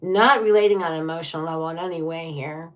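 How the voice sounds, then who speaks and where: A woman doing a tarot reading for viewers, with a fairly low voice. She talks bluntly and throws in profanity, reacting with drama to each card. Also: quick pace. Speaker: tarot reader.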